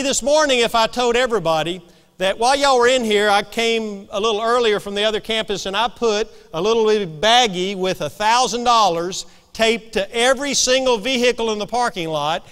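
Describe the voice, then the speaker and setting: A man preaching in a church sanctuary with a high voice. He tells stories in a folksy, emphatic way. His voice carries a long reverb from the large hall. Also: fairly bright tone, smooth. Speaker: pastor. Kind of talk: storytelling sermon.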